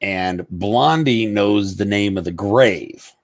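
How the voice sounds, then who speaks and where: A man's voice: lowish voice, takes it slowly. A man co-hosting a casual chat, chiming in to finish his partner's points. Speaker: co-host.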